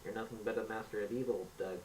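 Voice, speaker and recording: A man's voice: lowish voice, steady tone, quick pace, a little mellow, recorded from a distance, a little hiss or hum, lightly acted, rough recording. A man doing a shaky old clone hero. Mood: defiant.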